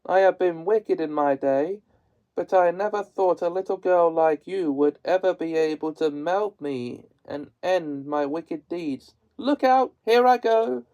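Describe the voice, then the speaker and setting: A man voicing a cunning, wicked old witch in a storybook reading, in a shrill, raised voice. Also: a little slow, mellow, dull audio, close to an everyday voice. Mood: wailing. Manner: high, shrill put-on voice.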